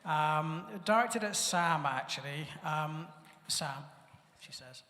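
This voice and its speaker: Male moderator, higher pitch, bright tone, echoey hall. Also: animated, slow. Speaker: panel moderator. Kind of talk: moderating audience questions. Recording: echoey hall, live event.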